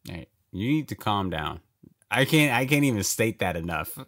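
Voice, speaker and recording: A man's voice: lowish voice, sing-song, normal speed, fairly bright tone. A man giving casual reaction commentary to a movie, talking back to the screen, laughing often and swearing.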